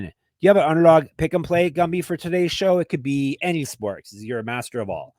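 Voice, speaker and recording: A man's voice: on the high side, no echo. Dry-miked man co-hosting a podcast. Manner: brisk ad reads, relaxed banter. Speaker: podcast co-host. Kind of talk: casual sports betting podcast chat with read ads.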